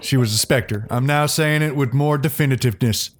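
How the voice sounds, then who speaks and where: A man's voice: medium pitch, fairly quick, a little hiss or hum, close to an everyday voice. A man voicing a cheerful, happy-go-lucky adventurer who stammers and restarts as he talks. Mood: chatty.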